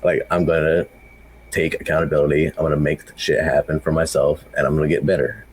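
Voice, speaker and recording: A man's voice: rumbling low, little pitch movement, a little fast, a little hiss or hum. A man co-hosting a podcast, speaking bluntly and emphatically in casual chat. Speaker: podcast co-host.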